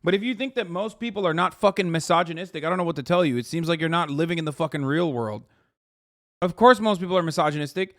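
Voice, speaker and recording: A male streamer in his thirties rants at his live chat, heated and full of profanity. His voice sits a bit high for a man, and he keeps mocking his critics in exaggerated put-on voices. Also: fast, fairly bright tone. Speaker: streamer host. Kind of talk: casual political rant to chat.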